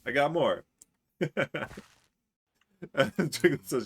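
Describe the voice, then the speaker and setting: A man's voice: mid-range voice, sing-song, takes it slowly, a bit bright. A man streaming a building game, chatting casually, teasing his friends and chuckling often as he reads chat aloud.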